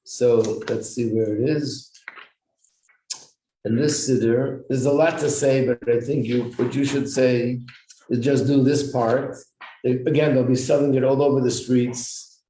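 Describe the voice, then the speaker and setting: A man teaching an informal religious class in a roomy, echoing space, his voice mellow and dark. He explains step by step, clears his throat now and then, and puts questions to the group. Faint noise sits under the room echo. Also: mid-range voice, fairly even intonation, unhurried. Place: echoey room with a small class.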